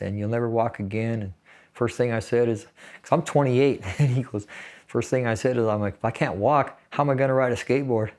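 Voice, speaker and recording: A man's voice: mid-range voice, a little mellow. A man in his sixties from California, a Navy veteran casually recounting a personal story in an interview and laughing through grim details. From San Fernando Valley, California.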